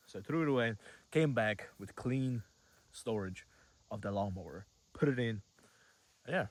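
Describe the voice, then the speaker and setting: A man's voice: lowish voice, normal speed, long pauses. Rambling 18-year-old guy vlogger. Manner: rambling, heavy use of "like", casual swearing. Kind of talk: casual storytelling to camera.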